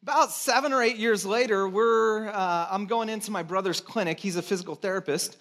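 High-voiced pastor telling a story. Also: male voice, a little fast, a bit bright. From California. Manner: conversational storytelling with self-mocking humor. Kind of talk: sermon.

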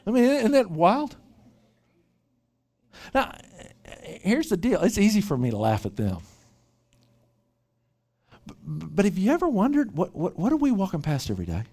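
A man delivering a sermon to a retreat gathering. His pitch sits somewhat high and moves a great deal, rising and falling as he presses each point. He stumbles over and repeats opening words as he goes. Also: normal speed, vocal fry, long pauses. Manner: animated, repeats words when starting a thought. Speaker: pastor. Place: church retreat session.

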